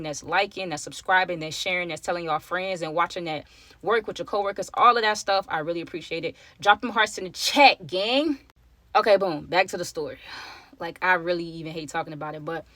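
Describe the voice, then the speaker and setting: A young woman whose voice sits on the low side with a fairly bright tone, recorded without room sound. As a storytime vlogger, she chats casually through a personal story, regularly calling her viewers y'all.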